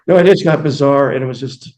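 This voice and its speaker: A man's voice: mid-range voice, quick pace, darkish tone. A man, a musician guest in an interview, telling rambling anecdotes with many fillers and acted-out quotes. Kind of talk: casual storytelling interview.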